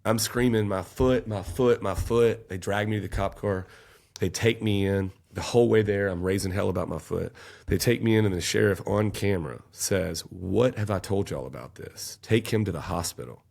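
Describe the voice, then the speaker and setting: A man's voice: deep voice, normal speed, vocal fry, hardly any pauses, darkish tone. A man, telling an intense, emotional personal story as a podcast guest. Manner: intense, emotional storytelling, raising his voice at peaks.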